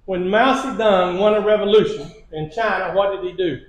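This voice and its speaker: A man's voice: high voice, moderate pace, dull audio. A man giving a church lesson, telling history stories with repeated phrases and small chuckles. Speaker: preacher. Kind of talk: sermon lesson. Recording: echoey church hall.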